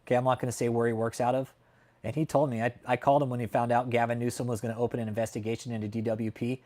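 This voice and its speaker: A man's voice: medium pitch, level tone, rapid-fire, dark tone. A man from California hosting a casual livestream chat, talking in a heated, profane, emphatic way and often tacking on "man". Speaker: livestream host. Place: home in Texas.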